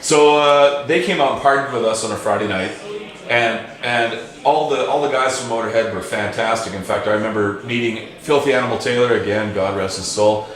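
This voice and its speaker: Casting note: Canadian man, host, excitable swearing storyteller, very echoey pub room. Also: mid-range voice, fairly quick. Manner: animated, swearing, lots of fillers and restarts. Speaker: talk show host. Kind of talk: casual storytelling.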